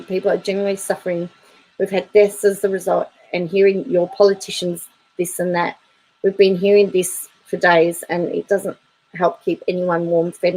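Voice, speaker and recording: A woman's voice: fairly low pitch, warm tone, poor audio. A woman YouTube commentator reading viewer comments aloud in a chatty, wry way, laughing between them.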